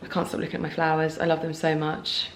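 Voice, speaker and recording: A woman, gushing and excitable as she chats through a casual unboxing vlog at home. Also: low voice, quick pace. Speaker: lifestyle vlogger. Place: home, indoors. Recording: roomy home recording.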